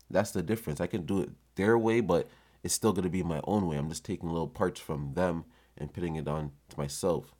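A man hosting a podcast, telling a story in a swaggering, profane, unhurried way. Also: low-pitched, darkish tone. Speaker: podcast host. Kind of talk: casual storytelling.

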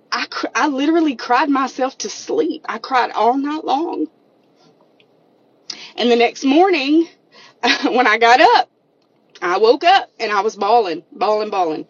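A woman's voice: mid-range voice, normal speed, highs cut off. A woman, sharing a personal church testimony in earnest, emotional casual talk. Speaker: member of a church women's group sharing a testimony.

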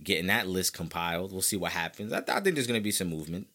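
An opinionated man hosts a sports podcast, arguing his points casually and emphatically, often repeating himself for weight. His voice sits fairly low, yet its tone is bright and forceful. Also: racing. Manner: emphatic, animated and opinionated, with frequent repetition. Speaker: podcast host.

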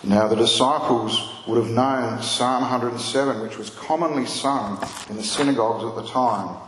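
A man's voice: mid-range voice, normal speed, fairly bright tone. Male pastor, earnest sermon delivery, reverberant church hall with faint room noise. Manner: earnest storytelling, rising for emphasis. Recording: echoey hall with long reverb, faint ambience.

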